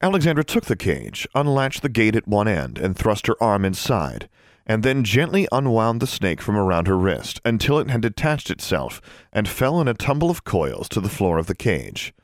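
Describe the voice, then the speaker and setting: A man reading a fantasy novel aloud as an audiobook narrator, with expressive storytelling. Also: lowish voice, moderate pace, no echo, studio quality. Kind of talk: scripted narration.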